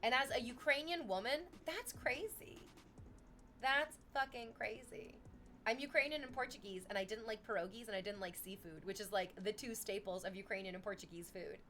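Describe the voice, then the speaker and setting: A woman's voice: mid-range voice, moderate pace, slight background noise. Chatty young woman streamer. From Canada. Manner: chatty, swears freely, animated storytelling. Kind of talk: casual chat with live chat.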